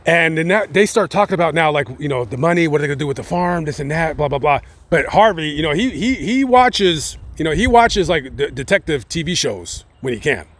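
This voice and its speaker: A man's voice: fairly high pitch, a bit bright. A man casually telling a true-crime story, rambling with slang, fillers and joking asides. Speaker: host.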